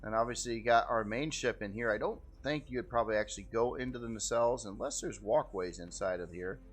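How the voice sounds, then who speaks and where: A man's voice: mid-range voice, fairly quick. A man giving casual, rambling gameplay commentary as host, easygoing and often repeating how cool things look. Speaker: game video host.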